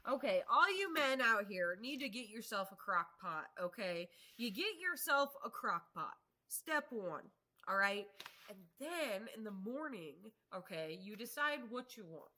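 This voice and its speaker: A woman's voice: medium pitch, bright, forceful tone. A woman hosting a casual live stream, chatting to viewers and reading their comments, laughing often and swearing casually. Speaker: livestream host. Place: home workshop.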